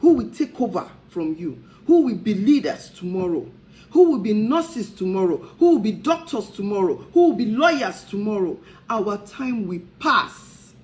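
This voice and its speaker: A woman's voice: medium pitch, sing-song, moderate pace, darkish tone, rough recording. A woman, a talk show host, speaking in an impassioned preaching style and firing off repeated rhetorical questions.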